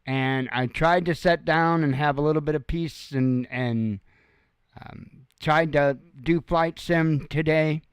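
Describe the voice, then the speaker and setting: A man's voice: a little high, slow pace, smooth, no echo. A tired, sore man speaking frankly in a rambling casual monologue, swearing freely. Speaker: host.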